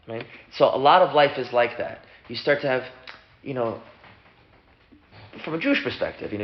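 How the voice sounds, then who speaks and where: A man, a rabbi, casually teaching a class and acting out the people in his story. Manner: animated, acts out characters with big pitch jumps. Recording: dull lo-fi room recording.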